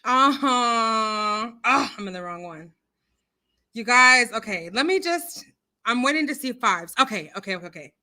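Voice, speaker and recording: Bubbly, loud woman livestream host. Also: a little high, normal speed. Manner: bubbly, chatty, greets viewers by name; loud, expressive. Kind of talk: casual livestream chat. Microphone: computer mic, streaming software.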